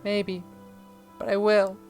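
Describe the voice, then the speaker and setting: A man voicing a gentle, devoted young woman from a visual novel, speaking quietly and hollowly. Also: sits high, monotone, slow, faint music behind, pitched above the performer's own voice. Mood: tender.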